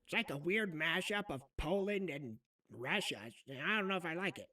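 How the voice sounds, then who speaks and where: A man's voice: a little high, lively intonation, normal speed, sharp tone, distant mic. A man joking crudely in casual live chat.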